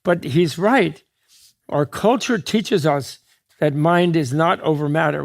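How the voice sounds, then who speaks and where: A Buddhist teacher gives a dharma talk to an audience in a slightly high, creaky voice. He's digressive and joking, often restarting mid-thought and tossing in quick asides with laughs.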